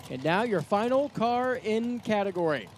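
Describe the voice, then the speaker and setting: A man announcing drag racing live at the track, excitable and folksy, quick with a joke. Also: high voice, slight background noise. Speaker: track announcer and assistant general manager. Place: outdoor drag strip. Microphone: hand-held announcer mic.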